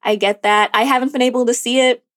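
A woman's voice: on the high side, steady tone, quick pace, a bit bright. A woman co-hosting a movie podcast in casual, chatty talk, laughing often. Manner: giggly, chatty, frequent laughs. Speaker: podcast co-host.

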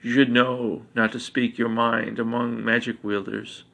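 A scowling, sharp-tongued witch who warns against loose talk, read by a man in a storybook. The voice stays gravelly and flat. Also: medium pitch, unhurried. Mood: warning.

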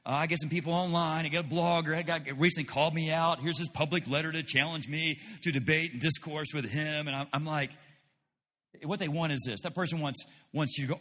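A man's voice: on the high side, a little fast, pushed and bright, big-room sound. A man preaching a sermon as pastor, emphatic, repeating phrases with mocking asides.

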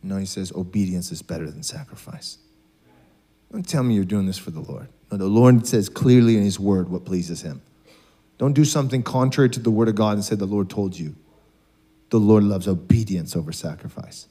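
A man's voice: fairly low pitch, a little fast, dark tone. A man preaching a sermon in a conversational, joking way, acting out bits of dialogue. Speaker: pastor.

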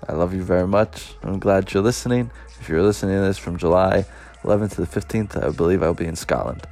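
In a casual solo podcast, an American man in his 20s hosts alone, rambling chattily and laughing often. His voice sits low and sounds mellow, his pace brisk, with soft music in the background.

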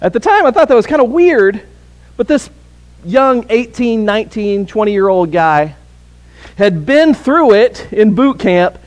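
A man's voice: high voice, lively intonation, a little slow. A pastor preaching an earnest sermon to his congregation, often restarting and repeating words.

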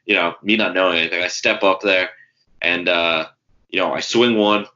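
A man's voice: low voice, steady tone, moderate pace, bright, forceful tone. A man, co-hosting a casual sports podcast and telling rambling stories with fillers and swearing. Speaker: podcast co-host. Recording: dull lo-fi sound.

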